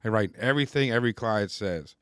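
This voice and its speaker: A man's voice: lowish voice, lively intonation, fairly quick, smooth, no echo. A man hosting a recovery podcast, telling his own story in a candid, loose and chatty way. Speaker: podcast host. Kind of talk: casual recovery podcast conversation.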